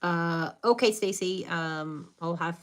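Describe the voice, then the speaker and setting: Woman from the US, Hispanic Latin accent, slow unhurried delivery, casual live-stream chat, earnest spiritual advice. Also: lowish voice. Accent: American English with a Hispanic Latin accent. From United States. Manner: chatty, greets viewers by name, earnest and reflective.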